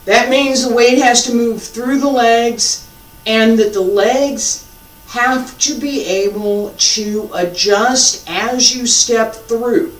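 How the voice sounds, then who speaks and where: Slow-spoken teacher heard from afar. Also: medium pitch, fairly even intonation. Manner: slow, patient, repeats key points, self-deprecating humor. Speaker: martial arts teacher. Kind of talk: live instruction with demonstration. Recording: echoey room, mic far off.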